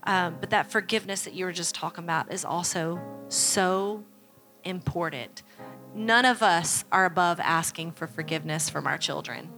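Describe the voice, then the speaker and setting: A woman's voice: lowish voice, normal speed, vocal fry, pushed and bright, faint music behind. A woman pastor preaching a sermon at a church service, making earnest, repeated appeals to the congregation. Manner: earnest, repetitive exhortation.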